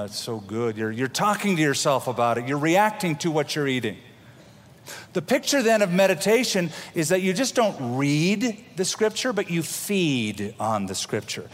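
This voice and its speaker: A middle-aged male pastor delivers a sermon in a chatty, down-to-earth way, slipping into homely asides and sometimes restarting his words. His voice sits a little high for a man. The sound carries a long, ringing reverb from a large hall. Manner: conversational preaching with homely asides and repeated restarts.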